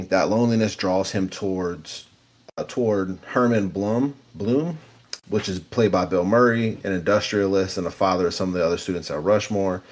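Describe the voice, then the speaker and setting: A man co-hosting a film podcast, reading a prepared synopsis in a measured way before giving his casual opinion. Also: lowish voice. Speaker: podcast co-host.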